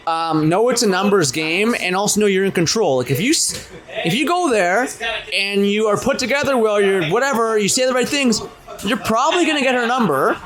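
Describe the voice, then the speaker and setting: A young man with a high voice chats on a podcast, talking fast and animatedly and acting out his own pickup lines. He swears freely. A busy crowd murmurs clearly behind him. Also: expressive. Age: 20s. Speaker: podcast co-host. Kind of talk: casual podcast chat.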